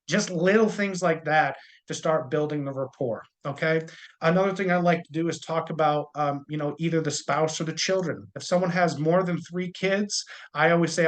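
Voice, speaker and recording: Man coaching with a higher voice. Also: normal speed. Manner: jokey, conversational, uses corny humor. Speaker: insurance sales trainer. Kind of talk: casual training talk.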